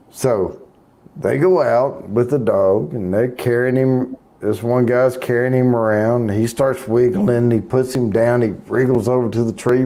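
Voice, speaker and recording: A man's voice: mid-range voice, mellow. A man hosting a casual chat, rambling through a long hunting joke with restarts. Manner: rambling, stumbles over the punchline. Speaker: host.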